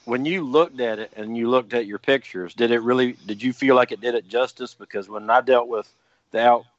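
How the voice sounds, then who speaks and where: A man's voice: mid-range voice, fairly quick, dry recording. Thoughtful man on a dull dry line. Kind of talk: casual chat. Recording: dry, slightly dull lo-fi audio.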